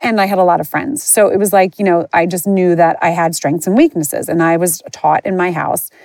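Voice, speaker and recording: A woman's voice: on the low side, fairly even intonation, brisk, gravelly, darkish tone, no echo. A woman podcast host telling a personal story in a candid, rambling way, with lots of fillers and restarts. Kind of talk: personal storytelling, casual chat.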